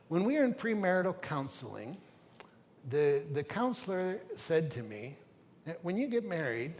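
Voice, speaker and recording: A man's voice: fairly high pitch, a little hiss or hum. A middle-aged man preaching a sermon as a pastor, telling stories conversationally and with humor, in a church sanctuary. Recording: reverberant church hall with faint ambience.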